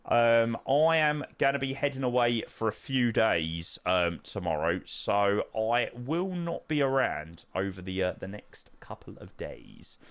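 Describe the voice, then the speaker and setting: A man's voice: fairly low pitch, lively intonation, measured pace, hardly any pauses, fairly bright tone, clear, resonant tone, no room sound. A young man streaming a flight sim, chatting casually with viewers in matey banter full of fillers. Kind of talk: casual live-stream chat, answering viewers.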